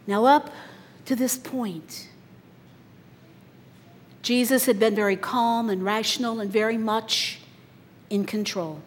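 A woman preaching a sermon, telling the story dramatically, her voice swelling loud and dropping soft. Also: on the high side, steady tone, takes it slowly, pauses often, a little hiss or hum. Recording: long reverb in a large hall.

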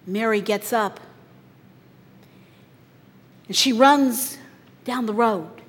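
A woman preaching a sermon, telling the story dramatically, her voice swelling loud and dropping soft. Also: on the high side, drawn-out words, breathy edge. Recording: long reverb in a large hall.

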